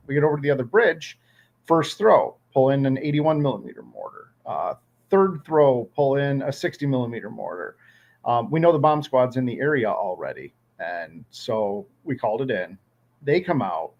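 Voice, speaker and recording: A man from Ohio telling a lively magnet fishing story in a casual chat, acting out quotes and often repeating words. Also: medium pitch, moderate pace, highs cut off.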